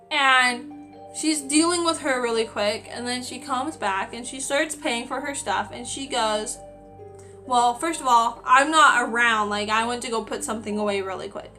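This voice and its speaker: Twenties girl venting about retail work, high bright voice, lots of "like", bit of music behind. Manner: chatty, exasperated, many "like" fillers. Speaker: retail worker. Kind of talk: casual storytime vlog.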